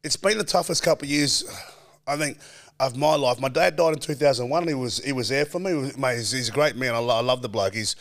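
An Australian man in his forties, a former footballer, telling animated stories as a podcast guest and acting out quoted voices. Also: mid-range voice, quick pace. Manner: animated storyteller, acts out quoted voices, laughs often. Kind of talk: casual storytelling chat.

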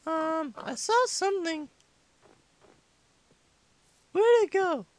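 A man voicing an excitable five-year-old boy who rambles through a comedic let's-play commentary. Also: very high voice, very slow, noisy background, heavily acted. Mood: chatty.

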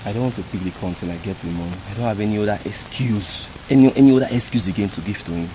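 An actor playing a worried, broke young boyfriend who pleads and flatters his girlfriend. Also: on the low side, racing, background noise, lightly acted. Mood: pleading. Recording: background film music.

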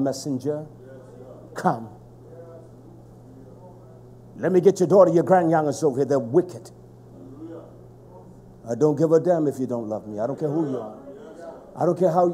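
A middle-aged man preaching a fiery sermon, swinging between shouts and hushed, low passages. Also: animated, moderate pace, pauses often.

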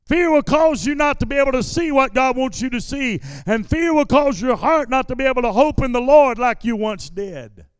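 A male pastor preaching a sermon in a church service. He repeats his lines in a steady preaching cadence and builds them up into shouted declarations. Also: extremely high pitch, moderate pace, few pauses, clear, resonant tone, no room sound, clean studio sound, in a large hall. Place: church sanctuary during a service.

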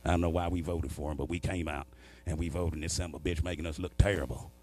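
A man voicing a gruff, bearded rural driver who grumbles low and curses in a drawl. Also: steady tone, fast talker, a little mellow, faint music behind. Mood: grumbling.

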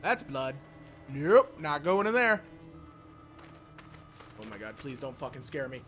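A man's voice: medium pitch, sing-song, unhurried, a bit bright, faint music behind. A man playing a horror game, panicking, swearing and pleading with the game as he goes. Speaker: let's play gamer.

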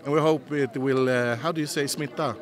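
A man's voice: mid-range voice, steady tone, a little fast. A Swedish man, a pop singer, chatting playfully in an interview and laughing often. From Sweden. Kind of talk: casual interview chat. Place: outdoors at an arena.

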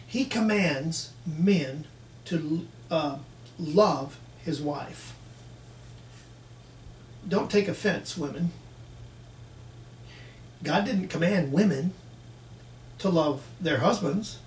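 A man's voice: a little high, takes it slowly, pauses often, a little mellow. A man preaching a folksy sermon who acts out both sides of little dialogues with the congregation. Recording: echoey room, mic at a distance, faint background hiss.

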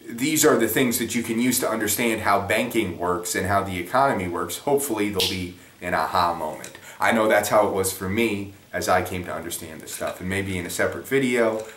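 A man with a low voice talks through basic economics in a loose, conversational way, wandering off on tangents and poking fun at himself. He sits well back from the microphone in an echoey room, so his voice sounds roomy and a little distant. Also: a bit bright. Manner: conversational, rambling, self-deprecating. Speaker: economics explainer. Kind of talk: casual spoken lesson.

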